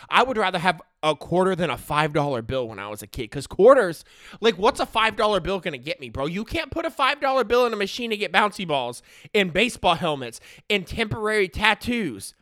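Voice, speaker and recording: A man's voice: a little high, a bit bright, no echo, studio quality. A man in his thirties telling a comic story in a slangy way, checking in with the listener all the time. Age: 30s.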